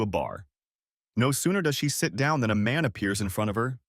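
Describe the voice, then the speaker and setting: A man's voice: medium pitch, big pitch swings, brisk, dry recording, clean studio sound. A man narrating a first-person audiobook story in a bitter, curt manner.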